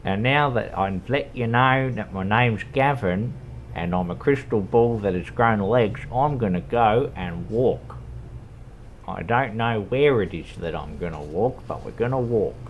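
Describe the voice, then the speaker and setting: A man's voice: on the low side, animated, unhurried, dull audio, a little hiss or hum. A man voicing a chatty crystal ball with legs.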